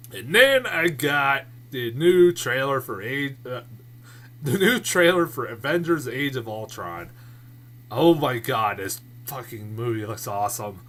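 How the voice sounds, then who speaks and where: A man casually reviewing movies in a vlog, rambling and excitable, swearing a lot and restarting his sentences often. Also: medium pitch, a little slow. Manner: many fillers and restarts.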